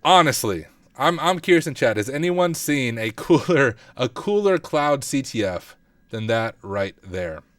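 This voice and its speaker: A man's voice: medium pitch, sing-song, measured pace, no room sound. A man streaming a casual hacking walkthrough, thinking aloud and teasing himself as he types. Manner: thinks aloud, self-deprecating, mutters while typing. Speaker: cybersecurity streamer.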